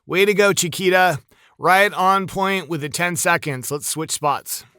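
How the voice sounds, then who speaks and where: A man coaching voice actors, giving a casual, chatty critique of a demo with quick bursts of praise. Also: high-pitched, pushed and bright, smooth, no echo, studio quality.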